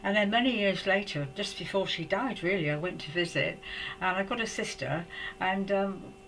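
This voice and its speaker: An older woman from England tells a personal story to camera at home. She speaks softly and reflectively, with many hesitations and restarts. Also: mid-range voice, a little hiss or hum, low-quality recording. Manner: halting, hesitant, with frequent restarts. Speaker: psychic storyteller.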